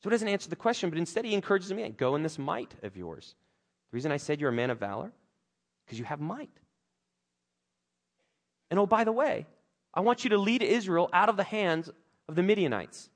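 A pastor preaches a sermon, animatedly acting out scripture characters' lines with big pitch swings. He speaks fairly quickly but leaves long pauses.

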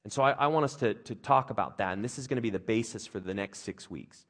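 A man in his thirties delivers a casual, conversational sermon. His pitch leaps up and down as he jokes and mimics others, then settles back to plain teaching. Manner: animated, conversational, jokey, with playful voices for others. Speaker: pastor.

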